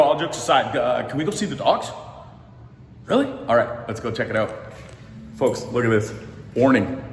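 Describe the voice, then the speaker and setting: A man's voice: medium pitch, slight background noise. A man hosting a vlog segment at a dog kennel, joking and laughing often as he talks to the camera. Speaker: show host filming a segment. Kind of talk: handheld vlog commentary. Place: dog kennel with barking dogs. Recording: echoey pen, loud barking dogs.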